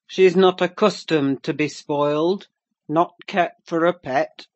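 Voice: medium pitch, steady tone, normal speed, dry recording, highs cut off, lightly acted. Brief: reader voicing a surly landlord in a storybook reading, growling and curt, dry close sound. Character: gruff, surly male landlord.

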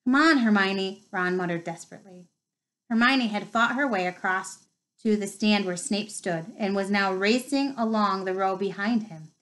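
A woman reading a novel aloud with expressive, lively storytelling. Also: medium pitch, poor audio. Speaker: reader.

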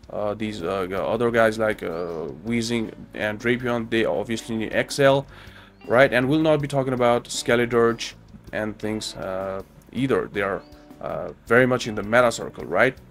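A man's voice: lowish voice, moderate pace, faint music behind. A young man with a nasal, stuffed-up voice, hosting casual game strategy commentary and often checking in with "right?". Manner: chatty, with tag questions ("right?") and fillers. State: stuffy nose from a cold drink. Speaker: Pokémon GO channel host.

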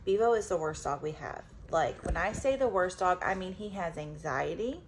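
A woman chatting casually at home about her pets, animated, slipping into baby talk with the dogs. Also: fairly low pitch, normal speed, a little hiss or hum, low-quality recording. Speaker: vlogger and dog owner. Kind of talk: casual chat.

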